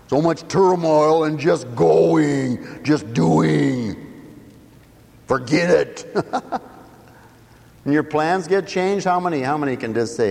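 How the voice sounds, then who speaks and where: A man preaching in a folksy, joking way, quizzing his listeners as he goes. His voice rises and falls widely at an unhurried pace. It echoes through a large hall with a long reverb. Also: fairly high pitch, animated, creaky, darkish tone. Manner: folksy, joking, asks the congregation questions. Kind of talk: sermon.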